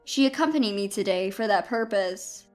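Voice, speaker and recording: A woman voicing a calm, confident male lawyer who speaks amiably and firmly in a storybook drama. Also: mid-range voice, moderate pace, faint music behind, close to an everyday voice.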